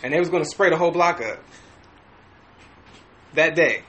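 A man on a podcast casually telling a story, animated and profane, with frequent restarts. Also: a little high, moderate pace. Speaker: podcast host.

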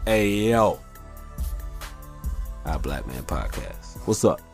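Deep-voiced man ranting on a podcast. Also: sing-song, slow pace, creaky, darkish tone, soft background music. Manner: profane, heated venting rant. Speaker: podcast host. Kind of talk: casual monologue.

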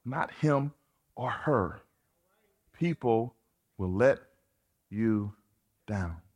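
A man preaching a sermon in an animated, colloquial, playful way. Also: on the low side, extremely slow. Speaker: pastor.

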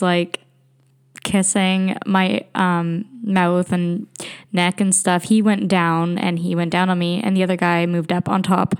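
A woman's voice: medium pitch, a little mellow. Candid young woman telling a story. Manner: candid, rambling, laughs often, many fillers. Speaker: podcast host. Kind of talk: casual storytelling monologue. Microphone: home computer recording.

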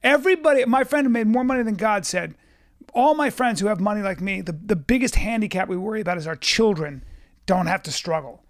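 A man's voice: sits high, animated, brisk. A man hosting a podcast, talking in a casual, emphatic and profane way, often repeating words. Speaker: podcast host.

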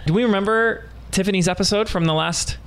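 Upbeat guy hosting a podcast in the studio, punchy and excited, playful. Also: sits high, fast, smooth. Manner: enthusiastic, emphatic, playful. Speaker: podcast host.

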